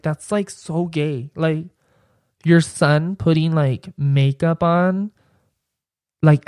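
A man's voice: on the high side, dark tone, no echo, studio quality. A young man, a podcast host, telling a personal story in a casual, rambling way and filling his speech with "like". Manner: rambling, heavy use of "like" as filler.

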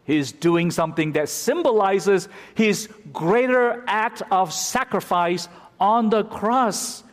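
A man's voice: sits high, slow. Man preaching in an echoing hall. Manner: expository, dramatic when quoting scripture. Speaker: pastor. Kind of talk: sermon. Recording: reverberant hall.

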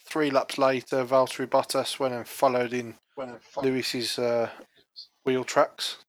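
A man's voice: mid-range voice, level tone, moderate pace, no room sound. A man co-hosting a casual podcast who chats and adds joking asides. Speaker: podcast co-host. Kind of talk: casual chat.

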